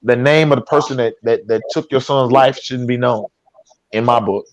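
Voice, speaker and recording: A man's voice: medium pitch, moderate pace, no room sound, dull audio. A man hosting a talk show, speaking casually and emotionally, often stumbling and repeating his words. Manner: repeats words, stammers when upset.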